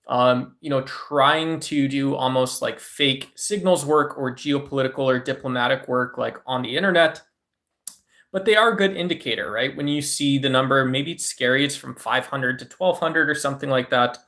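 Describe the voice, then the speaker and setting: A man talking to his livestream chat in a casual, wandering way. He fills his sentences with "um" and "you know", and he often checks in with a quick "right?". His voice sits at an ordinary middle pitch. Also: fairly bright tone. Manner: rambling, with frequent filler words and tag questions.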